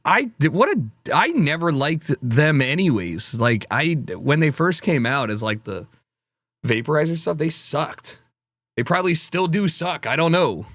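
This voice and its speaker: A man's voice: mid-range voice, fairly bright tone, no echo, studio quality. A man streaming casual reaction commentary, rambling and swearing with a wry, offhand manner.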